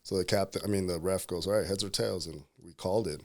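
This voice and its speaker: A man in his thirties, a pro bodybuilder and entrepreneur, telling stories in a casual interview, animated and quick to laugh. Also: low voice. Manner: animated, laughs often, acts out quotes.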